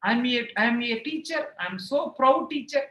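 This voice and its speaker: A man's voice: very high-pitched, expressive, a little fast, pushed and bright, lo-fi sound. Indian English male tutor, chatty live-class asides, looping repetitions, recorded in an echoey room. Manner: repeats phrases, rambling anecdotes, playful self-mockery. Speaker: online exam-prep teacher.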